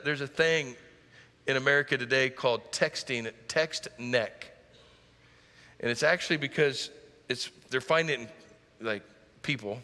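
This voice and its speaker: A man's voice: medium pitch, pushed and bright, big-room sound. A middle-aged man preaching a sermon as pastor, driving points home with rising emphasis and joking asides. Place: church sanctuary.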